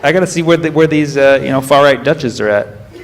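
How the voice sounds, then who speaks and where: A man's voice: medium pitch, a little fast, slight background noise. A man doing live stand-up crowd work on stage, quizzing the audience and correcting himself mid-sentence. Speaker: stand-up comedian. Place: comedy club stage. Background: audience laughter and room murmur.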